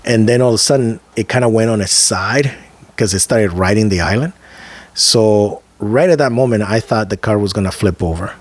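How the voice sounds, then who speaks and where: Low-voiced man telling a vivid story. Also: no echo. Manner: vivid, emphatic storyteller who slows down for dramatic moments; loose and conversational, with slang asides. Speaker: podcast co-host. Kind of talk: casual storytelling chat.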